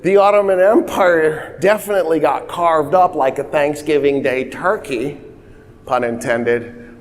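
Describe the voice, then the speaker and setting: A male lecturer talks through history in a loose, conversational way, tossing in wry jokes and correcting himself mid-sentence. His voice sits a little higher than most men's. It carries a long reverb tail, like a big lecture hall. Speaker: college lecturer.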